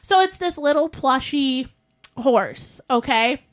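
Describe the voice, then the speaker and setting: Woman, podcast co-host, casual storytelling, high voice, animated, laughs a lot, says "like" often. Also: slow pace. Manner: animated, laughs often while telling stories; frequent filler "like".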